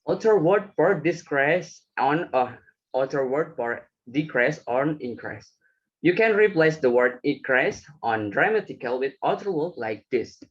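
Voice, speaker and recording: A man's voice: fairly high pitch, expressive, measured pace, husky, lo-fi sound. A young man giving a class presentation, reading from slides with some hesitant fillers. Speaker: student presenter.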